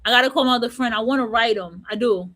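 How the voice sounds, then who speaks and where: A woman's voice: a little high, fast, fairly bright tone. A woman hosting an online talk show in a blunt, profane, slangy casual monologue. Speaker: host.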